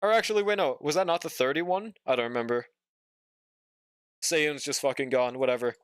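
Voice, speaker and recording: Speaking a little fast in a smooth voice on the high side, a young man streams a game and chats casually, swearing often. He's sleepy and yawning, laid-back and drawling, reading and answering chat as he goes. The recording is dry and studio quality.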